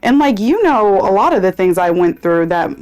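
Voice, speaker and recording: A young woman who owns a spa, telling stories in a casual, animated chat and laughing easily. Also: mid-range voice, normal speed. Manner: animated storytelling, bursts of laughter. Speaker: spa owner and podcast host.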